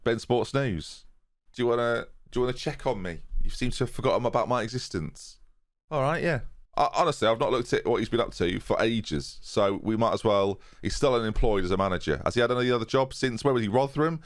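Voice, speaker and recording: A man's voice: mid-range voice, lively intonation, quick pace. A young man commentating on his own football-management game, chatting casually and joking to his viewers in rambling asides. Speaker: gaming YouTuber. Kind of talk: casual let's-play commentary. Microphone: USB desk microphone.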